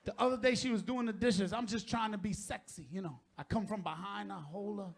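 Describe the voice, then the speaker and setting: A middle-aged man doing a stand-up comedy set on stage, profane and shouting out his punchlines. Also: high voice, brisk, gravelly.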